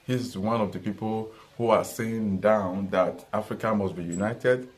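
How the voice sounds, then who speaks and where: A man's voice: fairly low pitch, fairly even intonation, measured pace. A man giving an earnest, repetitive political commentary monologue, often restarting his sentences. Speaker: vlogger.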